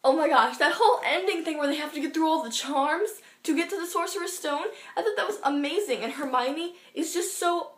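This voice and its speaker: A teenage girl reviewing a book on her vlog, gushing and rambling with quick excited asides. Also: sits high. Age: teens. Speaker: book vlogger. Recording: roomy echo.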